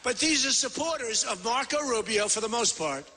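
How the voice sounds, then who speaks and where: High-ish bright voice, man in his 60s bragging on and on at a campaign rally, pa sound in a huge reverby hall. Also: lively intonation, normal speed, a little hiss or hum. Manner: boastful, rambling, repetitive. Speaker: presidential candidate. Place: large convention center hall.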